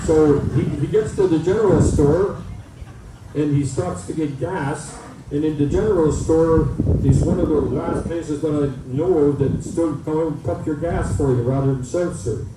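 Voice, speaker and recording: A man's voice: a little high, moderate pace. A man, emceeing an event and telling folksy jokes with plenty of uhs. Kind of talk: joke telling at a community event. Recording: echoey PA, distant mic, faint noise.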